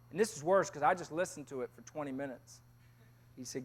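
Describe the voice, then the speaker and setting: A man with a strikingly high voice preaches in a chapel. He tells his story with lively swings from hushed tones to loud bursts, in a storytelling sermon style. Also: a little fast. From Tennessee. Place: chapel service.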